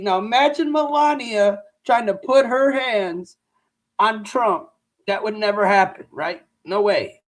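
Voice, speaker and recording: A man hosting a live-stream reaction, mocking what he watches with loud outbursts and laughs. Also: high-pitched.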